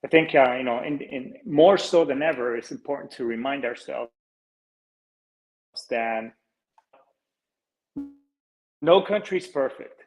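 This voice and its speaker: A man's voice: medium pitch, takes it slowly, long pauses, rough recording. Earnest, rambling man in his forties. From Colombia. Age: 40s. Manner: rambling, full of fillers and restarts, earnest, swears casually. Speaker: podcast host. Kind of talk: casual podcast monologue.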